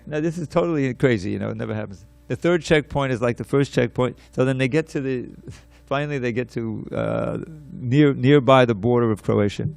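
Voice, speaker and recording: A man giving a scripture class, telling a story in an animated way, repeating words and restarting his sentences. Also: mid-range voice, brisk, gravelly, hardly any pauses, dry recording.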